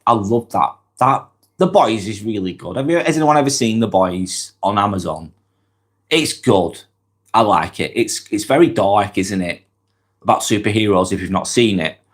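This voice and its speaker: Lancashire man with a cold, lively pitch. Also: normal speed. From Lancashire, northwest England. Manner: chatty, reads out comments and answers them directly. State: has a cold. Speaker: live-stream vlog host. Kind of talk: casual live-stream chat reading viewer comments.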